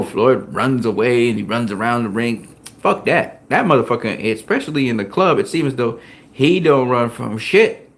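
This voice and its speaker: A man in an easygoing chat about boxing, his voice sitting at an ordinary middle pitch. He tells gym stories in a loose, profane, excitable way, breaking into laughter as he goes. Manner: profane, animated storytelling with frequent laughs. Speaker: boxing show host. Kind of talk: casual chat.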